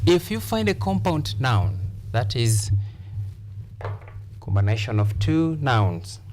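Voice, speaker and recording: A man's voice: medium pitch, sing-song, slow, darkish tone, slight background noise. A man teaching English on a TV lesson, repeating key phrases and counting syllables aloud. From Kenya. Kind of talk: TV lesson, slow repetitive explanation. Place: TV classroom studio.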